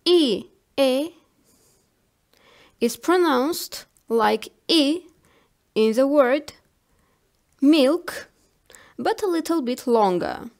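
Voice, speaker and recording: Woman language teacher, high voice, slow and deliberate, repeats each example word. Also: animated, a little mellow. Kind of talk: slow spelled-out pronunciation lesson.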